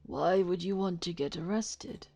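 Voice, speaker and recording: A woman's voice: fairly low pitch, a little slow, dark tone, faint music behind. A woman voicing a stern male falcon defense attorney who speaks in a formal, commanding way. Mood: firm.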